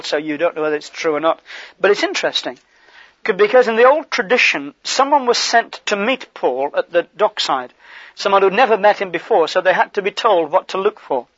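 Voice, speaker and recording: A man preaching a sermon in a conversational, animated way, with asides to the congregation. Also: high-pitched, dry recording, lo-fi sound.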